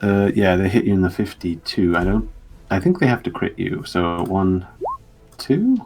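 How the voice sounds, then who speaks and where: A man's voice: low voice, lively intonation, normal speed, vocal fry, music in the background. A man running a tabletop game as game master, thinking aloud and counting out moves.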